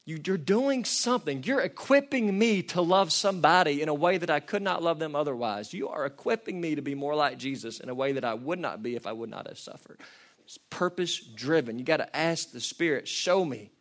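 A man preaching a passionate sermon, building from quiet reflection to shouted peaks. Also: on the high side, lively intonation, a little fast. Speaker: pastor.

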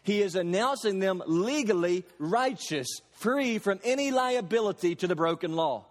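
A man's voice: high voice, lively intonation. Man preaching in a reverberant hall. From Kentucky. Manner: emphatic preaching with slow stressed phrases and homely examples. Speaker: pastor. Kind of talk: sermon.

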